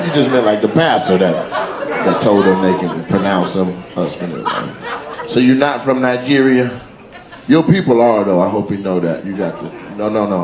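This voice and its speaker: A man doing stand-up crowd work, teasing audience members with quick-fire questions. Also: on the low side, very noisy. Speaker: stand-up comedian. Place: comedy club stage. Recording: echoey live venue with loud crowd laughter.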